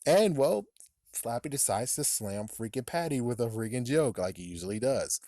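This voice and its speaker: A man's voice: medium pitch, animated, normal speed, dark tone, no room sound, clean studio sound. A man giving a casual, rambling spoken book review, swearing freely and laughing at his own jokes. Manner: rambling, profane, laughs often.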